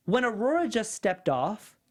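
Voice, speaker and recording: A man co-hosting a podcast, chatting casually and giving exasperated, animated opinions. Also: sits high, a little slow. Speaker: podcast co-host. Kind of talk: casual recap chat.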